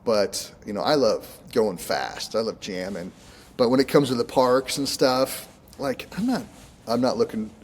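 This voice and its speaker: A man from Oregon, a minister and contractor, chatting casually as a guest in an interview, relaxed and rambling, often laughing. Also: mid-range voice, measured pace. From Oregon, United States.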